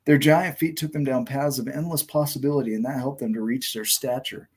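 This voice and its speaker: A man playing a gentle, wise old giant. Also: mid-range voice, fairly even intonation, fairly quick, husky, lightly acted.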